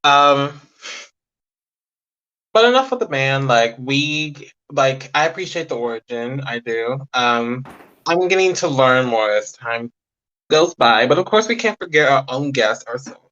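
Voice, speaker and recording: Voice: medium pitch, expressive, measured pace, a bit bright. Playful stumbling interview host, dull sound. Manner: playful, stumbling, self-correcting. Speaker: podcast host. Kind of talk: casual interview chat.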